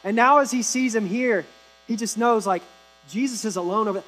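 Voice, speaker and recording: A man's voice: high-pitched, moderate pace, fairly bright tone, poor audio. A man preaching a sermon, retelling scripture in a conversational storytelling way with casual asides. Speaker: pastor.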